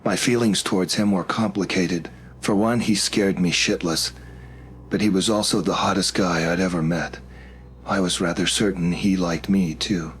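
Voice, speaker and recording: A man narrating a first-person horror story in a steady, measured way. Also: deep voice, a little hiss or hum. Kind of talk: scripted narration.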